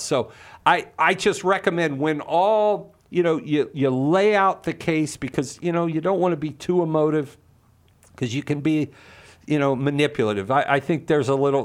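A middle-aged man telling a personal story and arguing a moral point, earnest and passionate, often repeating words when stirred. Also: medium pitch. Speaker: Catholic speaker.

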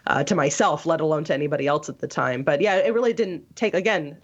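A woman's voice: sits low, fast talker. A woman telling her story in a casual interview, rambling, with many restarts and fillers. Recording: dull lo-fi audio.

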